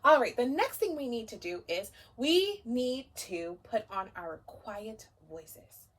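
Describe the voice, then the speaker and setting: A woman teacher leading a story time for young children, gentle and encouraging, talking directly to the kids. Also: on the high side, big pitch swings, slow pace, a little hiss or hum.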